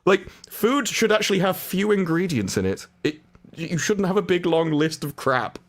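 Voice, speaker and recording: A man's voice: sits high, sing-song, normal speed. A man co-hosting a casual live stream, making blunt, wry jokes. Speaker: co-host.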